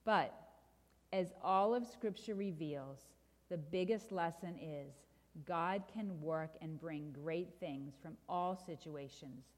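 A middle-aged woman giving a sermon, reading a children's story aloud with lively sound effects before drawing the lesson. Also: low-pitched, slow. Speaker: preacher. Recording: long hall reverb.

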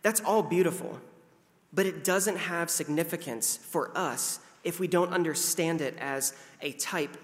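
In a fairly high-pitched, slightly bright voice, a thirtysomething pastor preaches a casual, conversational sermon. He pokes fun at himself and sometimes acts out voices, and the recording carries long hall reverb.

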